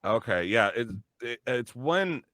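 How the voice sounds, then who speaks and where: A man's voice: mid-range voice, very animated, measured pace, fairly bright tone, dry recording. A man who does voice acting, chatting casually in a rambling way, often restarting his sentences and laughing at himself. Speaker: voice actor. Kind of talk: casual chat.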